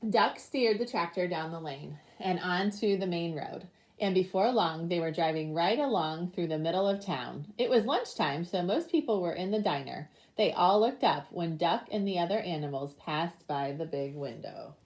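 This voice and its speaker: A young woman teacher reading a picture book aloud to her class, with lively animal sounds. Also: lowish voice, moderate pace.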